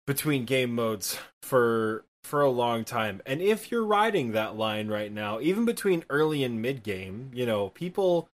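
A man's voice: medium pitch, animated, a little slow, few pauses. A man in his twenties from Michigan with a Midwestern accent, co-hosting a casual gaming podcast from his apartment, rambling and self-deprecating. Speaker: podcast co-host and streamer.

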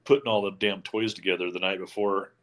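Wisecracking lower-voiced man. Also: steady tone, brisk, fairly bright tone. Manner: wisecracking, laughs often. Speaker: podcast co-host. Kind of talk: casual chat.

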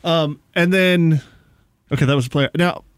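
A man's voice: fairly high pitch, moderate pace, smooth, dry recording, clean studio sound. A man hosting a podcast, asking easygoing questions and joking with his guest. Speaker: podcast host. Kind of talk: casual interview chat.

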